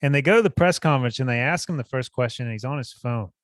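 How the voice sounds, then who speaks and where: A man co-hosting a casual podcast, telling stories with energy and slipping into impressions of the people he describes. His voice sits at an ordinary middle pitch and sounds close and dry, with no room echo. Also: fast. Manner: animated, imitates fighters mid-story. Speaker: podcast co-host. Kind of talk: casual chat. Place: Hawaii.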